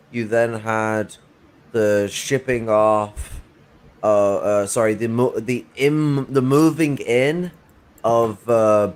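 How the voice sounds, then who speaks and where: A man's voice: mid-range voice, a little hiss or hum. A man in casual political chat on a livestream, rambling and swearing with many fillers and restarts, through a worn-out USB mic. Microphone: failing USB mic.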